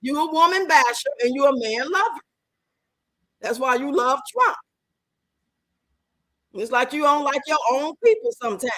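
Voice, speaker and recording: A woman from Chicago with a Chicago accent, hosting a livestream and answering her chat in an animated, outspoken way. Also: sits high, normal speed, pauses often, dry recording, rough recording. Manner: animated, outspoken, emphatic, talks back to the chat. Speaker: livestream host. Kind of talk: livestream chat reacting to comments.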